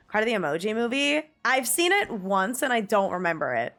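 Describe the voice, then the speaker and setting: On the high side and sing-song, her slightly bright voice is brisk with few pauses. She livestreams casually, gushing with emphasis, reading chat aloud, and swearing occasionally.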